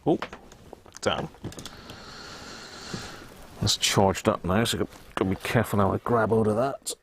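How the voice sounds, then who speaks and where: Low gravelly man tinkering. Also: measured pace, slight background noise. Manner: chatty, self-deprecating, muttering while working. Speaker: host of live radio repair stream. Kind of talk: casual live-stream chat while repairing.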